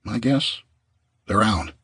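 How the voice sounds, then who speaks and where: A man's voice: lowish voice, expressive, slow pace, fairly bright tone, husky, no echo, clean studio sound, exaggerated voice. A man voicing a playful, easygoing young male scavenger who teases in an audiobook.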